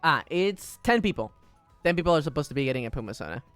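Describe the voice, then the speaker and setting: A man's voice: fairly high pitch, sing-song, fast, fairly bright tone, smooth. A man streaming himself drawing, chatting casually, giggling and humming little tunes as he works. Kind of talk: casual chat while drawing. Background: faint background music.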